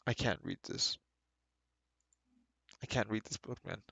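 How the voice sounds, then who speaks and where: Guy reading a book out loud and roasting it, gravelly fry, dry close sound, pretty sarcastic. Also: lowish voice, measured pace, no room sound. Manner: sarcastic, mocking and exasperated. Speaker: streamer reading a book aloud. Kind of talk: reading aloud with critical commentary.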